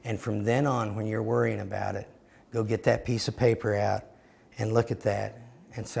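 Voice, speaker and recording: A man's voice: fairly low pitch, flat delivery, moderate pace, vocal fry, a little mellow, breathy edge. A man teaching a sermon-style seminar, telling earnest stories that act out little scenes. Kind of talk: teaching sermon with personal illustrations.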